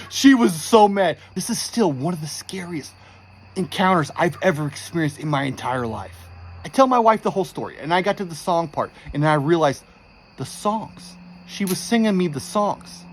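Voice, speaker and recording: A man in his forties recounts an unsettling encounter in a tense, shaken way, swearing freely. His voice sits a bit on the high side for a man. A faint hiss of background noise runs under the recording. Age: 40s. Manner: intense, profane, shaken retelling. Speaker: storyteller. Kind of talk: first-person true story.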